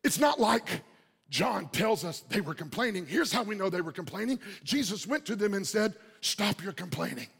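High-voiced man preaching in a long-echo hall. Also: lively intonation, moderate pace, vocal fry, husky. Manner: dynamic, swings from loud shouting to quiet murmurs. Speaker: pastor. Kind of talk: sermon.

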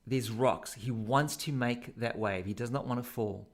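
A South African man with a mid-range voice talks at a normal speed. He's a surf coach chatting casually, explaining technique and demonstrating as he goes.

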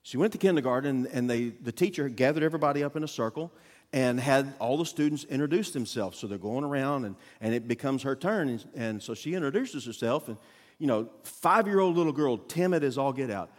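A man preaching a sermon as a guest pastor, telling a story with acted-out quotes and sudden loud bursts. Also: medium pitch, lively intonation, brisk, in a large hall. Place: church auditorium.

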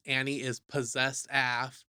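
A young adult podcast co-host recapping a horror movie in casual, profane, jokey talk, acting out the characters in quick asides. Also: mid-range voice, clean tone, no room sound, studio quality. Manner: animated, profane, jokey storytelling.

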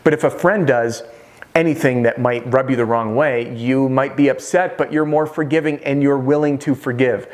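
A man teaching roofing sales straight to camera in an energetic way, firing off rhetorical questions. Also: medium pitch, normal speed. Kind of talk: direct-to-camera sales training talk.

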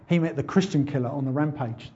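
A man preaching a sermon, asking rhetorical questions and building up to loud, fervent appeals. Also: fairly high pitch, fast talker, dull audio.

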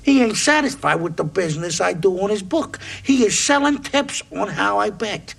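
Crime film: an aggrieved gangster boss, raspy and gravelly, pitch swinging all over. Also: male voice, animated, moderate pace, fairly bright tone, exaggerated voice. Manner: complaining, insistent. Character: aggrieved middle-aged male gangster boss.

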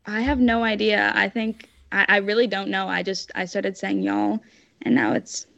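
Brief: Canadian teen girl guest, chatty, slight vocal fry, muffled dry mic. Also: mid-range voice, flat delivery, moderate pace, fairly bright tone, no room sound. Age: teens. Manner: chatty, lots of "like" fillers, giggly. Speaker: podcast guest. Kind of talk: casual interview chat. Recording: dull, dry lo-fi sound.

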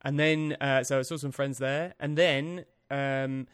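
A man, co-hosting a podcast in casual comedic chat, playful and quick to giggle. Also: mid-range voice, fairly even intonation, smooth, no echo, clean studio sound. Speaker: podcast co-host.

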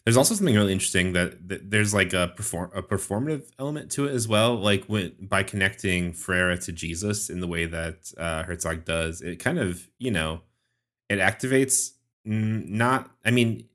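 A man's voice: deep voice, moderate pace, fairly bright tone. A man co-hosting a casual podcast about the Bible, chatty, often laughing and restarting his sentences. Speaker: podcast co-host. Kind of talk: casual discussion and scripture reading.

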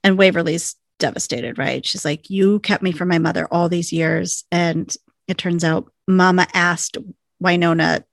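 Woman, casual recap host, gravelly edge, dead-dry room, rambly likes and ums. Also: on the low side, steady tone, unhurried, no room sound. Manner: chatty, lots of likes and ums. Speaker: podcast co-host.

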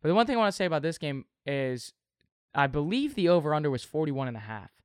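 A man's voice: fairly high pitch, sing-song, quick pace, smooth, no room sound, clean studio sound. A young man co-hosting a casual sports betting chat, steering topics and reading out scores and odds. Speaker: sports podcast co-host.

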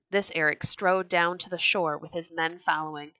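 A woman reading a classic tale aloud for a storybook podcast, with expressive storytelling. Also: fairly low pitch, normal speed, hardly any pauses, dry recording.

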